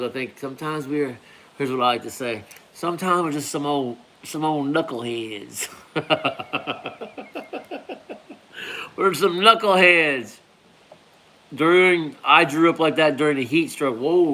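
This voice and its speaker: A man chats casually on a live stream, his voice sitting a little higher than most men's. He rambles in an easygoing way and drops "man" and "bro" into his sentences as he reads viewer comments. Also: bright, forceful tone, slight background noise. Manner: laid-back, rambling, peppers talk with "man" and "bro". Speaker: hot pepper grower hosting a live stream.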